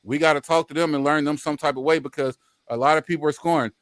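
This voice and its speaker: A man's voice: on the high side, fairly even intonation, fast, a bit bright, no echo, clean studio sound. A man from the American South with a Southern accent, talking earnestly on a live-stream panel, repeating himself and swearing at times. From Louisiana, Mississippi. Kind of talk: impassioned casual talk.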